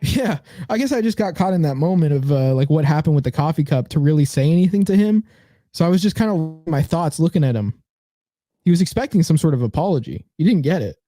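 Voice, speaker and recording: Fast-talking higher-voiced man, rambling. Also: animated, dark tone, dry recording, studio quality. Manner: rambling, hesitant, playfully insistent. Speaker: podcast co-host. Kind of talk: casual podcast banter.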